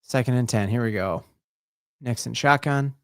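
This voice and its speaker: A man hosting a live play-by-play watch-along as a sports fan, excitable and breaking into shouted exclamations, rambling and restarting his sentences. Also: medium pitch, normal speed, clean tone, no room sound, studio quality. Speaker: sports fan stream host.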